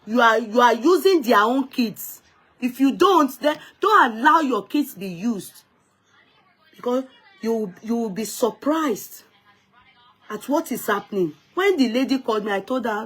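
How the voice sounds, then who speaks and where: A woman's voice: fairly high pitch, lively intonation, unhurried, a bit bright, breathy edge. A Nigerian woman hosting an unscripted live stream, talking emphatically, scolding, restarting her words and greeting viewers by name.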